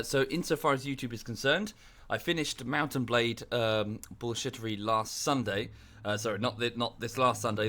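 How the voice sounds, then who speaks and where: A man's voice: medium pitch, fairly bright tone. A man streaming from home in a casual, rambling chat, a bit out of breath. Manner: chatty, rambling with many fillers. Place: home room.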